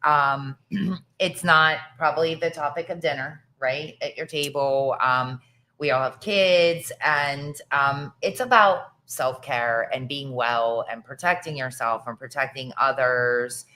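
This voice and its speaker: A woman co-hosting a podcast, talking earnestly about health with many pauses and ums. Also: rumbling low, pushed and bright, rough recording. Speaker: podcast co-host. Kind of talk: casual health talk.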